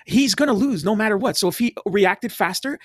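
A Canadian man in casual chat, talking fast and animated, often acting out quoted voices. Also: high voice, no echo, clean studio sound.

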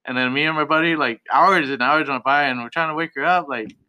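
A man's voice: on the high side, quick pace, bright, forceful tone, clean tone. A young man, a tattoo artist guest, telling stories in a casual, profane, laid-back way with lots of laughter. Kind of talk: casual podcast storytelling.

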